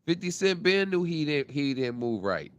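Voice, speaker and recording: A man hosting a podcast in casual commentary, talking in with an animated, repetitive delivery. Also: a little high, normal speed, clean tone, no room sound. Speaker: podcast host.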